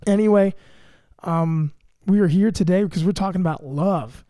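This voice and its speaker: A man's voice: sits high, moderate pace, mellow, no room sound, clean studio sound. A man hosting a casual comedy podcast, bragging in a mock-grandiose, self-mocking way. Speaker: podcast host.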